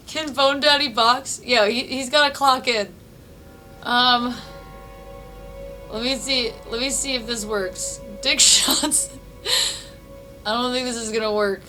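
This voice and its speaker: Bright, high-voiced giggly woman streamer. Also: low-quality recording. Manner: giggly, swears freely, thinks aloud. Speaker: game streamer. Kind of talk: casual live-stream chat while playing. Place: apartment room.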